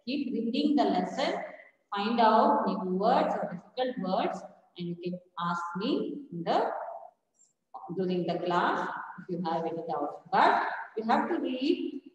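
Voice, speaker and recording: Slow, lively teacher in an echoey room. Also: female voice, mid-range voice, dull audio. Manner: slow, spells words letter by letter. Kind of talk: recorded class lesson. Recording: echoey room, voice far from mic.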